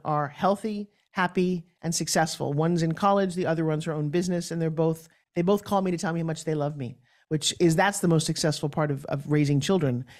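Animated woman telling stories in an interview. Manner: acts out quoted voices with big pitch jumps. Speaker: guest, pitch expert.

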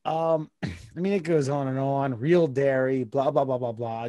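A man's voice: mid-range voice, measured pace, warm tone, no room sound, studio quality. A man co-hosting a comedy podcast, reading a news story aloud and breaking into crude joking asides. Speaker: podcast co-host. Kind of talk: casual comedic podcast chat.

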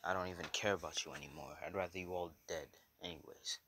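A man's voice: low-pitched, fast, background noise, natural voice. Izuku Midoriya, cold menacing teen, as a man reads him. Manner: calm and threatening. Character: cold, menacing teenage boy hero.

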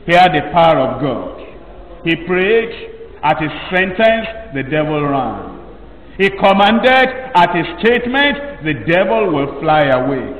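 A male pastor preaching a sermon slowly and emphatically, drawing out his phrases. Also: on the high side, very animated, fairly bright tone. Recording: echoey hall from far off, dull.

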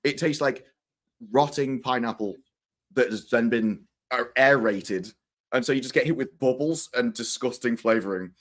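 A man with a British accent chats casually on a live stream, his voice slightly worn and hoarse from a day of shouting. He is pitched in the middle for a man and talks playfully, tumbling through quick restarts. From Britain. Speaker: guest co-host. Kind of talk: casual chat.

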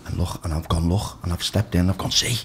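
Talking fast in a low, fairly flat, darkish voice, a man from Liverpool, a DJ and radio presenter, guests on a podcast with candid, swear-laden stories, often restarting his sentences. A little hiss or hum can be heard.

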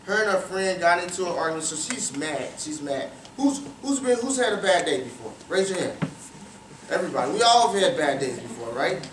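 A guest speaker at a youth cricket academy, a man with a slightly high voice, tells motivational stories to young listeners in a large room, quizzing them and repeating phrases for emphasis. He talks a little fast with big swings in pitch. The recording is roomy and distant, with faint ambience and some background noise.

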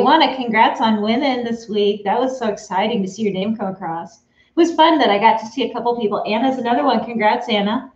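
A woman hosts a live sewing stream from her home studio, chatting casually and greeting viewers by name. Her voice is a little high and a little mellow. Picked up by an in-room camera mic, the sound is roomy and slightly dull.

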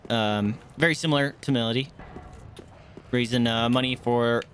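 A man's voice: medium pitch, steady tone, moderate pace, a bit bright, slight background noise. A man streaming a game live, talking through his fights with frequent swearing, greeting viewers and chatting to his dogs. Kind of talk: live gameplay commentary.

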